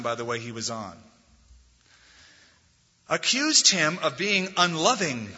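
A man pastor delivering a sermon, telling stories with animated delivery and rising loudly when quoting scripture. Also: fairly high pitch, husky. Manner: animated storytelling, swelling loud on scripture quotes. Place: church sanctuary. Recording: dull lo-fi recording in a reverberant hall.

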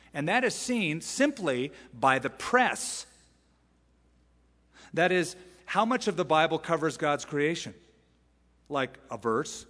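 A male pastor delivers an expository sermon with emphatic, lively conviction, peppering it with rhetorical questions. His voice sits a bit higher than most men's and rings through a large church with a long hall reverb.

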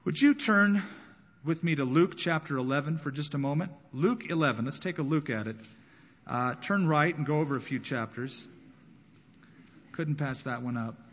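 A man delivers an animated sermon with a slightly high voice, acting out the voices of the people in the story. The sound is dull and muffled, and his voice rings out with a long hall reverb. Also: normal speed, slight background noise. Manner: dramatic, acting out voices in the scripture. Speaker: pastor.

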